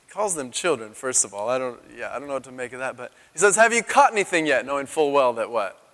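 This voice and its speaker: A man in his thirties preaching a sermon as a pastor, telling the story in an animated way and acting out the quotes in a raised voice. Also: medium pitch, quick pace. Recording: long hall reverb.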